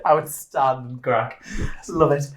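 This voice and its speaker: A man's voice: mid-range voice, fairly even intonation, slow, crowd noise. A man co-hosting a podcast who keeps cutting in with jokes. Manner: joking interjections. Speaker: podcast co-host. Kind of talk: casual interview chat.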